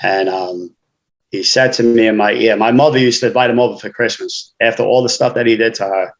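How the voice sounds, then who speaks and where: A man's voice: lowish voice, fairly even intonation, a little fast, low-quality recording. A man, a guest author telling his life story frankly in casual conversation, often saying "you know".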